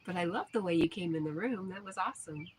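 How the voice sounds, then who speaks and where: Woman, chatty livestream host, fairly low voice, birdsong and outdoor noise behind her. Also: fast. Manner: reads viewer comments aloud, chatty and friendly. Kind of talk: casual livestream chat. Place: back porch outdoors at evening. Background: birdsong and outdoor ambience.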